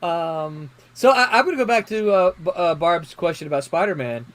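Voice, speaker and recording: A man's voice: a little high, lively intonation, a bit bright. A man hosting a casual panel chat, often stumbling and repeating words as he talks. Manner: halting, repeats words, laughs easily. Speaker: panel host.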